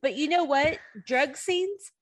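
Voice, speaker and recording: A woman's voice: high voice, slow pace. Easygoing woman podcast host. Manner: easygoing, steers the talk back on track. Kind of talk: casual chat.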